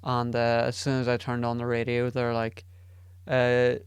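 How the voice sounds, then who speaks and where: A man's voice: medium pitch, completely flat delivery, a little slow, clear, resonant tone, dry recording. A man hosting a podcast alone, rambling casually, swearing often and putting himself down. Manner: rambling and profane, self-deprecating. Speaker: podcast host. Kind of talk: casual solo podcast chat.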